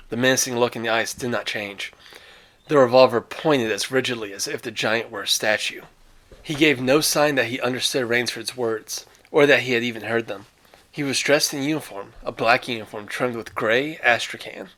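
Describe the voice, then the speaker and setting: A man's voice: mid-range voice, moderate pace, bright, forceful tone. A man reading a short story aloud with dramatic phrasing and casual, offhand asides. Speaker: reader.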